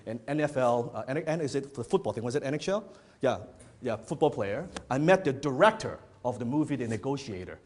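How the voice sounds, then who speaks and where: A man's voice: medium pitch, a little mellow. A man giving a motivational business talk to a live audience, telling stories in a blunt, profane style and often repeating phrases. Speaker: business speaker. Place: event hall before an audience.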